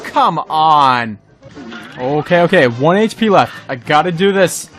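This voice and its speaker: A man giving excitable gameplay commentary as a gaming video host, yelping and shouting at the game and talking to the enemies. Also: fairly high pitch, a little slow, soft background music. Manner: talks to himself and the enemies. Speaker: gaming YouTuber.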